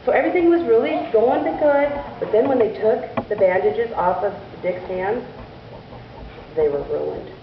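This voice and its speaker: A woman telling a church children's story in an animated way, asking the children questions as she goes, in a distant, echoey church recording. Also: a little high, moderate pace, muffled recording, background noise. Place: church sanctuary.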